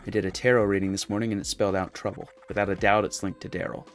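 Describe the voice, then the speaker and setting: A man voicing a worried, harried woman who runs a diner, speaking low and fretfully. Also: little pitch movement, rapid-fire, soft background music, natural voice.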